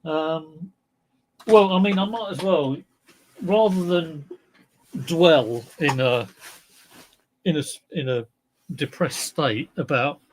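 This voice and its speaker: A man with a husky voice chatting casually and rambling on a live reseller stream, often breaking off and restarting his sentences. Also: a little high, takes it slowly, long pauses, a little hiss or hum. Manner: rambling, self-interrupting, chatty. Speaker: reseller livestream host.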